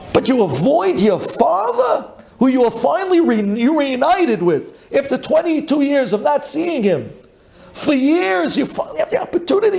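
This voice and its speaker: Gravelly high-voiced rabbi preaching dramatically. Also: male voice. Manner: dramatic, swinging from loud pleading to hushed intensity. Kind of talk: sermon.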